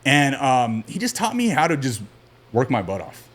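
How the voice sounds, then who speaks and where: Man, podcast guest, casual storytelling, rambling, lots of fillers, mid pitch. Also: moderate pace. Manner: relaxed, rambling, frequent fillers and restarts.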